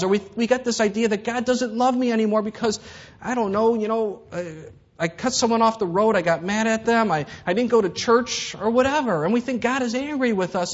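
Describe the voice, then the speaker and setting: Male pastor preaching in a casual, storytelling way, slightly high and husky, muffled recording. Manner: conversational preaching, acts out voices in stories. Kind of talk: sermon.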